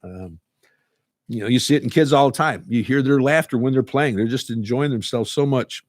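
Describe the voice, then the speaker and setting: A man's voice: medium pitch, normal speed, dry recording, studio quality. Earnest man talking about laughter. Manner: earnest, repeats words as he goes. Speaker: laughter club teacher. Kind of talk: casual talk to camera.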